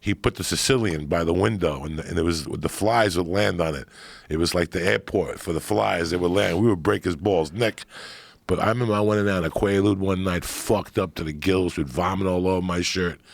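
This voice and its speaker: Gravelly, deep-voiced man telling stories. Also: a little fast, no room sound. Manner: profane, animated storyteller. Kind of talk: casual storytelling chat.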